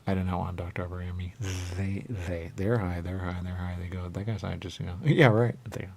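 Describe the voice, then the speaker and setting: A man's voice: low voice, steady tone, fast, creaky. A man hosting a radio show, rambling comically and repeating himself, often breaking into silly voices.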